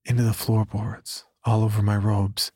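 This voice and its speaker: A man reading a horror story aloud in slow, hushed scripted narration with a husky voice. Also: lowish voice, level tone, dry recording, studio quality.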